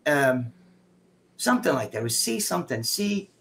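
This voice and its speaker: A man's voice: mid-range voice, moderate pace, gravelly, slight background noise. A middle-aged man casually telling stories on a live stream, swearing freely and acting out what other people said. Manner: profane, animated, acts out quoted dialogue. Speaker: guest co-host.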